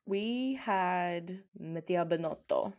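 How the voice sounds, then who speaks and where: A woman's voice: fairly low pitch, slow pace, darkish tone. A woman co-hosting a casual podcast chat, playful and steering the topics. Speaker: podcast co-host.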